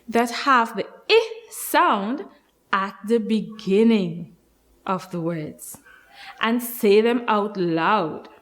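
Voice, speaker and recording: A woman teaching a nursery phonics lesson to young children, prompting them in a slow, sing-song teacher's voice. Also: medium pitch, a bit bright. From Guyana.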